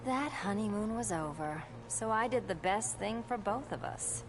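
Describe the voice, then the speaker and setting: A woman's voice: medium pitch, animated, moderate pace, natural voice. An actress playing Catwoman, a self-assured, independent female cat burglar, speaking in a cool drawl over game cutscene music. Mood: wry.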